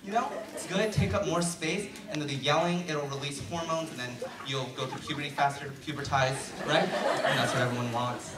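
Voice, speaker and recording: In a school auditorium, a late-teen male student rattles through a chatty stand-up bit, mocking himself with plenty of fillers and hardly any pauses. His voice is on the high side and a little fast. The recording catches his handheld mic on a stand from far away, in an echoey hall with a loud, laughing crowd.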